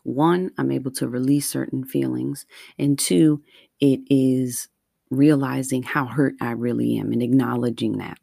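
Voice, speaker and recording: A woman in her forties talking earnestly and slowly in a heartfelt personal monologue. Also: extremely low pitch, fairly even intonation, creaky, mellow, dry recording. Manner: earnest, heartfelt, slow and deliberate. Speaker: vlogger.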